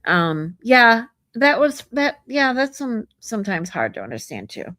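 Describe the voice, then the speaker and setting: A woman's voice: fairly high pitch, huge pitch swings, unhurried, bright, forceful tone, no room sound. A woman hosting a livestream in casual chat, reading viewer comments and greeting them in a frank, chatty way that is peppered with swearing. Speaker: livestream host.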